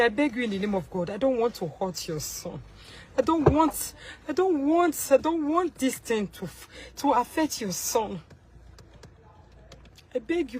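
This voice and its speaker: A young Nigerian woman with a Nigerian accent scolds and warns in an angry rant straight to camera, shifting between shouts and low pleading. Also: a little hiss or hum, rough recording. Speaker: social media personality.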